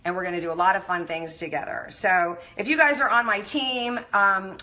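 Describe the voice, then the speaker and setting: Bright-voiced effusive woman live-streaming. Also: medium pitch, moderate pace. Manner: animated and effusive, greets viewers by name. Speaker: motivational live-stream host. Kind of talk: casual motivational talk on a live stream.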